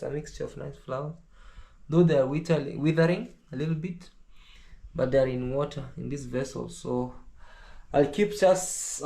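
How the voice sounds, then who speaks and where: Slow-talking Kenyan man vlogging. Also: mid-range voice, dark tone, slight background noise. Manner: rambling, wistful, talks to viewers. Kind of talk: casual talk to camera.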